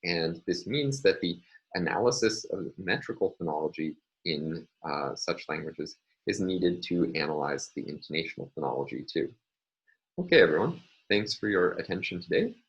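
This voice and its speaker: A man with a very deep voice delivers a recorded university lecture. He explains each point step by step in a measured way, often pausing with fillers. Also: lively intonation, rough recording.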